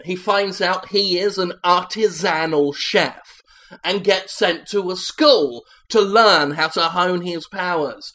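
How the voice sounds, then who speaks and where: A man rambling through an improvised deadpan comedy pitch meeting, hosting a comedy sketch. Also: takes it slowly.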